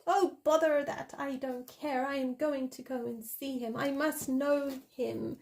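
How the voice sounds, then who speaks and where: A woman playing a dreamy, lovestruck young heroine in a made-up storybook romance. She gushes in a slightly high, breathless voice and takes her time over each line. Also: steady tone, a little slow, vocal fry, a little mellow, a little hiss or hum. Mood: defiant.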